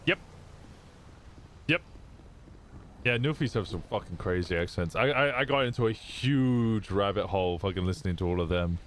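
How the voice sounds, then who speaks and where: A man with a lowish voice chats casually on a live stream, rambling and swearing freely as he thinks aloud. A faint hiss of noise sits under his voice. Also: animated, moderate pace, long pauses.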